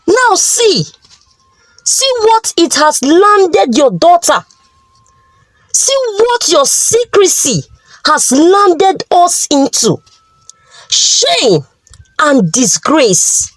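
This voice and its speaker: A woman's voice: sits high, sing-song, very slow, a little mellow, no echo, full character voice. A woman voicing an angry, grieving middle-aged father, scolding and wailing.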